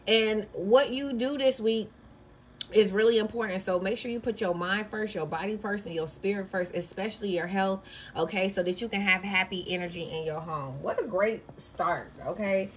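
A young adult woman hosting a casual astrology reading from her home office. She talks loudly and playfully, swears freely and tags most sentences with "okay?". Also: mid-range voice, normal speed, slight background noise. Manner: loud, profane and playful, with frequent "okay?" tags. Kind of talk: casual tarot reading vlog.

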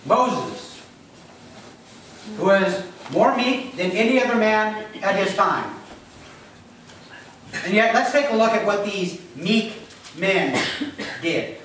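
Pastor guy preaching, chatty, asks the crowd stuff, high swoopy voice, big echoey church, kinda far from the mic. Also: fairly bright tone, slight background noise. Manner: conversational, questions the congregation, acts out voices. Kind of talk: sermon.

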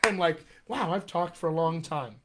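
Chatty American man, higher-pitched voice. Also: moderate pace, pushed and bright. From United States. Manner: chatty, rambling, addresses viewers by name. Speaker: dialect coach and live-stream host. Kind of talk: casual live-stream chat to viewers.

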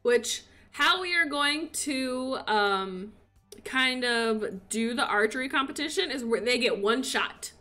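A woman giving casual commentary on her own game, excitable and cheering as she plays. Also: on the high side, takes it slowly, faint music behind. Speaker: gaming video creator.

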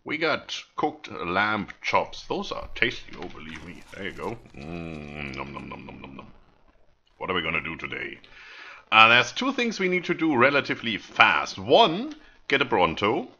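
A man giving relaxed gameplay commentary, chatty and amused with himself. His voice is on the low side and swings widely in pitch. The tone is bright and forward, with a faint hiss underneath. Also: moderate pace, lo-fi sound. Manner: chatty, self-amused, talks to viewers while playing. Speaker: gaming video host.

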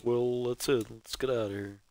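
A man's voice: medium pitch, steady tone, moderate pace, darkish tone, soft background music. A man giving wry, rambling running commentary while he streams a game. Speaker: streamer playing through a game marathon. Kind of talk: casual live-stream commentary.

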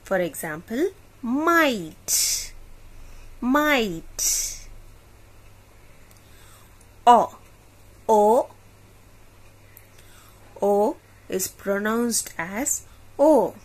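A slow, patient woman leads a phonics lesson for children, drawing out each sound and having the listener repeat it. Her voice is a little husky, and her pitch rises and falls in lively teaching swings.

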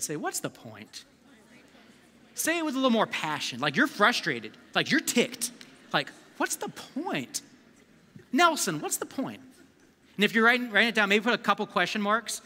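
A man preaching a live sermon as a youth pastor, energetic and conversational, calling on the crowd to answer back. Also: high-pitched. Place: church service hall. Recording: long reverb of a large hall.

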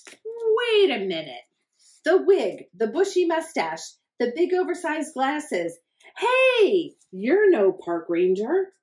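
A woman doing a panicked young boy. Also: very slow. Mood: alarmed. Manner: high, loud, alarmed cries. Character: frightened young boy camper.

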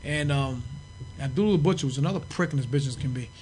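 Fast-talking, profane man telling stories. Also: medium pitch, slight background noise. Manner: profane, animated storyteller acting out quotes. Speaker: podcast guest. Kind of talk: casual storytelling.

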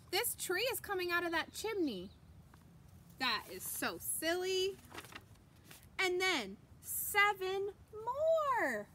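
A woman reading a picture book aloud to children, animated, gasping and exclaiming, and asking the young listeners questions. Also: high voice, a little hiss or hum. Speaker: children's story reader.

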